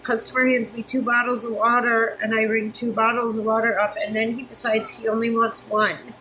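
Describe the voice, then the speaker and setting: A woman's voice: on the high side, little pitch movement, brisk, pushed and bright, slight background noise, low-quality recording. Flustered, overheated woman venting on camera. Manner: frank and exasperated, swears freely. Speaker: vlogger. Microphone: phone camera close up.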